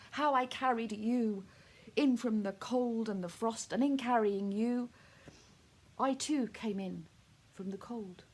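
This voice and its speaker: A woman reads her poem aloud very slowly, her delivery soft and hushed. She sounds heartfelt and grieving throughout. Her voice sits at an ordinary middle pitch. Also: breathy edge. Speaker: poet. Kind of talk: poetry recitation.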